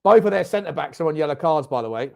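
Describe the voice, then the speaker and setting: Chatty football fan host. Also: male voice, a little high, expressive, fast talker, creaky. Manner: chatty, reads out viewer comments, bursts into shouting at the referee and chances. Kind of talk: live football watchalong commentary.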